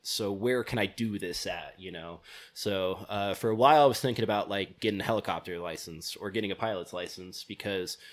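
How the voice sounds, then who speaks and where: A man chats casually, weighing what he might do with his life. His voice sits fairly low. He hesitates often and leans on fillers as he thinks aloud. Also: brisk. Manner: musing, hesitant with many fillers. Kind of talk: casual chat.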